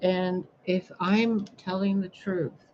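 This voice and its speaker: A woman's voice: on the low side, little pitch movement, slow, a little mellow, lo-fi sound, a little hiss or hum. Profane, scolding woman ranting on stream. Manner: blunt, profane, scolding, sarcastic. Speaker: spiritual livestreamer. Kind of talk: ranting livestream monologue.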